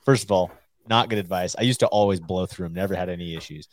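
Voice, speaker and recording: Low-voiced man, dry close sound. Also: fast talker, dry recording. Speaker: show regular. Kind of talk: casual chat.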